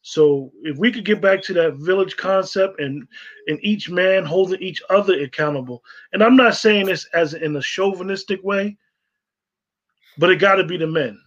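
A man's voice: high-pitched, normal speed, fairly bright tone. A man co-hosting a casual online discussion, talking emphatically and repeating himself for stress. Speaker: co-host. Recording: dull lo-fi sound.

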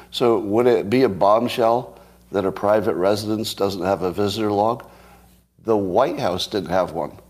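Male host, lowish voice, dry sarcastic news riffing with mock outrage and frequent restarts. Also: darkish tone. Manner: thinks aloud with restarts, chuckles. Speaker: commentary host. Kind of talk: solo news commentary.

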